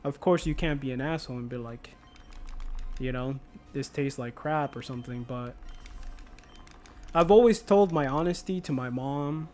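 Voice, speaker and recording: A man's voice: mid-range voice, moderate pace, pauses often, dark tone, soft background music. Chatty joking male game streamer. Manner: chatty, joking, laughs often, slips into playful Spanish. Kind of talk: casual livestream chat.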